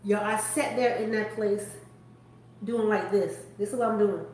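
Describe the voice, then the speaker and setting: A woman hosting a faith-based chat, telling a story with animated delivery and acting out the people in it. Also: medium pitch, moderate pace, slight background noise. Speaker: host. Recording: echoey room.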